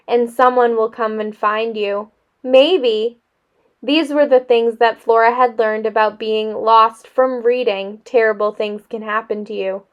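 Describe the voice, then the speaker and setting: A woman teacher reading a children's novel aloud in a measured, expressive way. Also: fairly high pitch, muffled recording.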